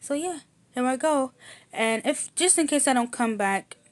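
A young woman vlogger talking casually to camera, soft and rambling with many fillers and restarts, saying y'all a lot. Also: high voice, lively intonation, moderate pace.

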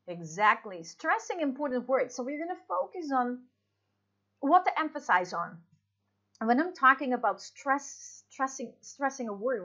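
A woman's voice: fairly high pitch, bright, forceful tone, lo-fi sound. A woman teaching English in a recorded online lesson, explaining patiently with fillers and restarts.

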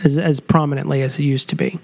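Relaxed conversational podcast co-host man. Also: a little high, fast talker, vocal fry. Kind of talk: casual movie-review chat.

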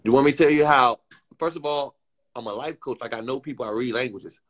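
A young man streaming casual chat, excitable and teasing, laughing often and using crude slang. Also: mid-range voice, fast talker.

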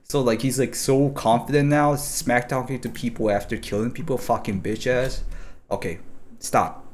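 A man streaming live, commenting casually on gameplay clips, animated and profane, laughing often. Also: medium pitch, normal speed, a little hiss or hum. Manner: animated, swearing, frequent laughter. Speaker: streamer investigating cheaters.

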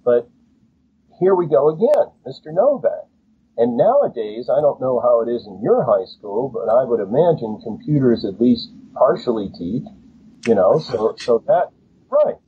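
A man's voice: medium pitch, big pitch swings, moderate pace. A male author talks through his stories with open enthusiasm, slipping into the voices of people he quotes. His voice comes through thin and phone-like, with a faint hiss underneath. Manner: enthusiastic storyteller, acts out quotes. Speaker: author and guest. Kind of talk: casual interview chat. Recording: tinny phone-like line, faint noise.

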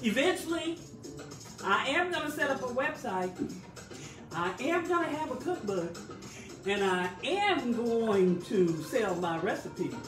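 Woman home cook, chatty and encouraging, voice on the higher side. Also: sing-song, measured pace, roomy sound, over music. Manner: chatty, exclamatory, coaxing the viewers. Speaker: home cook hosting a cooking stream. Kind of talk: casual live cooking demonstration.

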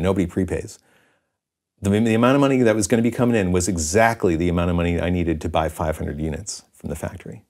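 In an interview, a middle-aged company founder tells his story candidly and with self-deprecation, halting and restarting as he goes. His voice is lowish with a darkish tone.

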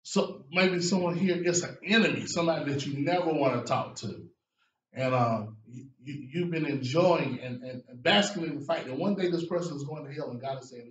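A man preaching a sermon as a guest preacher, with lively delivery that rises to shouts and drops low for emphasis. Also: normal speed, dull audio, slight background noise. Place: church sanctuary. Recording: echoey church room from far off.

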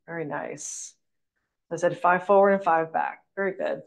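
A woman's voice: fairly low pitch, fairly even intonation, moderate pace, vocal fry. A woman teaching an online exercise class, giving encouraging step-by-step instructions as she demonstrates, a little out of breath. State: slightly out of breath. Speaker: fitness instructor.

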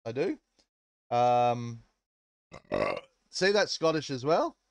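A man's voice: mid-range voice, expressive, slow, clear, resonant tone, no echo. A man hosting a casual game livestream, joking and greeting viewers in chat as he rambles. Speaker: livestream host.

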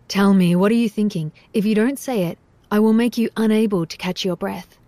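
A woman voicing a commanding, domineering young man who speaks deep and insistent. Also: moderate pace, mellow, dry recording, lightly acted. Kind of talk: audiobook dialogue.

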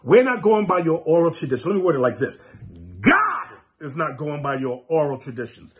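Fiery preacher, high voice that leaps around, mocking and scolding, breaks into shouts. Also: male voice, very animated, brisk. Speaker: preacher and teacher. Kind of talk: sermon.

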